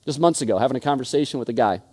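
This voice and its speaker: Rapid-fire delivery in a mid-range, slightly mellow voice marks this male pastor in his thirties. Preaching through stories, he acts out quoted friends and stutters and repeats words a lot.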